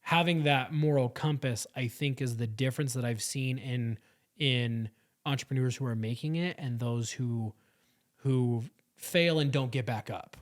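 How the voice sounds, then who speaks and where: A man's voice: medium pitch, unhurried. Easygoing male podcast host. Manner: friendly, heavy use of "like" and "dude". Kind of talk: casual podcast chat.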